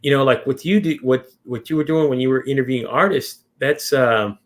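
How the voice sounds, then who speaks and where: A man's voice: medium pitch, brisk. Rambling male interview host. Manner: rambling, many restarts and fillers. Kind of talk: casual interview chat.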